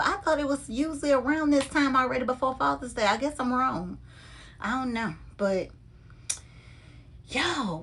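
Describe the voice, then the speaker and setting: A woman handbag vlogger chatting casually and with animated energy to her viewers while unboxing a bag. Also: a little high, moderate pace, slight background noise.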